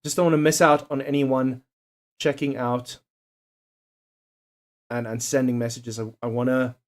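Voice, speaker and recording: A man's voice: medium pitch, level tone, measured pace. A young man chatting casually on a livestream, swearing and joking as he reads out quiz options. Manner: profane, jokey, reads quiz options aloud.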